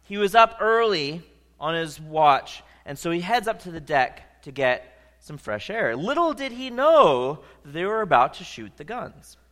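A man preaching in a large hall, spinning a story with a bright, forceful voice that swoops up and down. His pitch sits a little high, and a long reverb trails each phrase. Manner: animated, conversational storyteller. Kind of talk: storytelling sermon.

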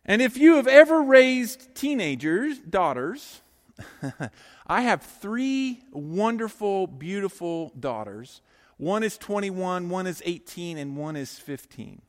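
Middle-aged guy preaching, kinda high voice, jokey storytelling, big church reverb. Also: takes it slowly. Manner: lively, joking storyteller who talks straight to the congregation. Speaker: pastor. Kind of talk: sermon. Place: church sanctuary.

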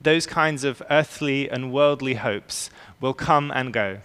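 A man preaching a sermon as pastor, earnest and emphatic, slowing down to stress key words. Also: medium pitch, fairly bright tone, clean tone. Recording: long reverb of a large hall.

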